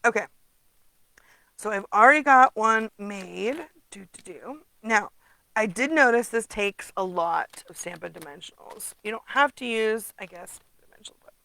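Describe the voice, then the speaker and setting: A woman's voice: medium pitch, lively intonation, a little slow, vocal fry, pushed and bright, no echo, rough recording. A woman casually demonstrating card making at her desk, chatty, humming to herself and muttering asides. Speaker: craft demonstrator.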